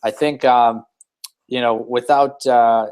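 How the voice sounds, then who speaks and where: A man's voice: medium pitch, fairly even intonation, slow pace, darkish tone, clear, resonant tone. A man hosting a weekly team hangout, telling a motivational story in a loose, rambling way. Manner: rambling, many fillers and restarts. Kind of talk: casual motivational talk.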